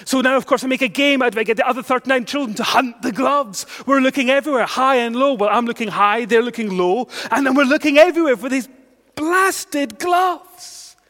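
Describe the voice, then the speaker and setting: A Scottish man preaching a sermon, telling a funny story with self-mocking humour and lively exasperation. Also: extremely high pitch, fast, hardly any pauses.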